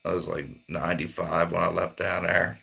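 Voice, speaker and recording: A man's voice: deep voice, flat delivery, moderate pace, vocal fry, pushed and bright. A middle-aged man from Maryland rambling in laid-back, profane casual chat as a livestream host. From Maryland, near Baltimore.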